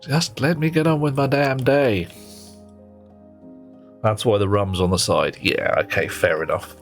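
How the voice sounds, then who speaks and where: A man's voice: medium pitch, steady tone, a little slow, faint music behind. A man streaming a game, chatting playfully and teasingly with his viewers and muttering to himself as he works. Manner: talks to himself while working. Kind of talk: casual live-stream chat while playing.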